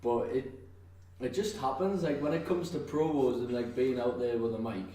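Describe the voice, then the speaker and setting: A man's voice: mid-range voice, normal speed, dark tone. Echoey North East English man chatting. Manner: rambling, laughs often, many fillers and restarts. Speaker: professional wrestler, guest. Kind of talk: casual podcast chat. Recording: echoey, distant mic with faint noise.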